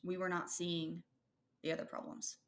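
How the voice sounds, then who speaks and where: In this casual podcast conversation, a thirtysomething woman co-host rambles thoughtfully, often restarting and leaning on fillers. Her lowish voice has a flat delivery at normal speed. There's a little hiss or hum on the recording.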